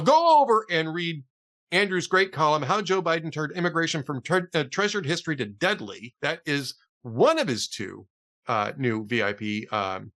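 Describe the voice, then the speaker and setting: A man's voice: on the high side, sharp tone. A man hosting a casual political talk show, chatty and often laughing at his own jokes. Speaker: podcast host.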